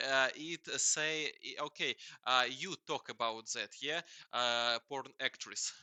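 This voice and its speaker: Halting man with a bright, crisp voice. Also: mid-range voice, fairly even intonation, no echo. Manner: halting, hesitant, many fillers and repeats. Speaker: host questioning a chatbot. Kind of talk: casual chat.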